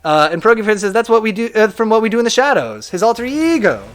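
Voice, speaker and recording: A young man streaming a video game, chatting casually and reading viewer messages aloud in an animated way. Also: high voice, quick pace. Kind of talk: casual live-stream chat.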